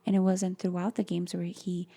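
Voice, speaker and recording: A woman's voice: lowish voice, completely flat delivery, normal speed, gravelly, warm tone. A woman co-hosting a casual book podcast, talking thoughtfully, searching for words and slipping into Spanish. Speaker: podcast co-host.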